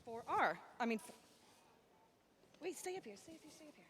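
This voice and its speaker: A woman's voice: high-pitched, sing-song, fairly quick, fairly bright tone. A woman addressing children at a school assembly, upbeat and chatty as she calls out names and classes from the stage. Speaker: school staff member presenting at an assembly.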